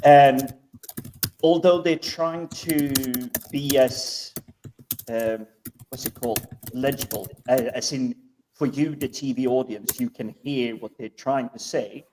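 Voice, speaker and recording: A man's voice: mid-range voice, slow, darkish tone, distant mic, a little hiss or hum, poor audio. A man talking hesitantly with many fillers during a casual panel chat.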